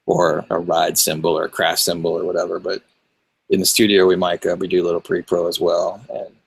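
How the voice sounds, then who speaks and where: A middle-aged man, a record producer, talking about mixing in a relaxed interview, often sliding into a monotone. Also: fairly quick, low-quality recording. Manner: low gravelly husky voice, drifts into a monotone. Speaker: record producer and mix engineer.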